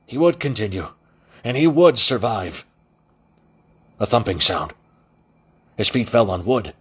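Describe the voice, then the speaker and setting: A man narrating an audiobook in a low, husky voice. His delivery is lively and animated, with frequent restarts and self-corrections. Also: unhurried. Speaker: audiobook reader.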